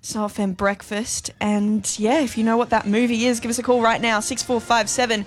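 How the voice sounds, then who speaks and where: A woman hosting breakfast radio, upbeat with quick promo patter. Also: a little high, level tone, faint music behind.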